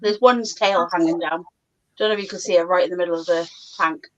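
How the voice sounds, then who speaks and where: A woman chatting casually while showing her reptiles, often cooing softly to a lizard. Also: on the low side, fairly even intonation, quick pace. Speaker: reptile keeper streaming her pets. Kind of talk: casual chat. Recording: dull lo-fi stream audio with faint noise.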